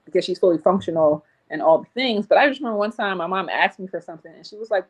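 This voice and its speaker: A woman in a podcast chat telling a personal story in a reflective, measured way. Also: mid-range voice, low-quality recording. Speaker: podcast guest. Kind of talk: casual podcast discussion.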